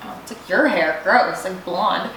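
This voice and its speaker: A young woman co-hosts a relaxed TV review chat, gushing, giggling and swearing casually. Her voice sits lowish, a little slow and a bit bright. The room is echoey, with a faint hiss underneath.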